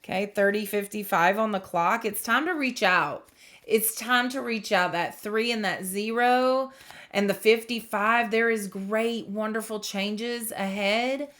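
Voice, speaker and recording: A young woman giving a tarot reading to her viewers, in a voice of middling pitch. She speaks slowly and musingly, pausing to feel things out, then offers gentle reassurance and the odd startled exclamation. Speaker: tarot reader. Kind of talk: intuitive tarot reading to camera.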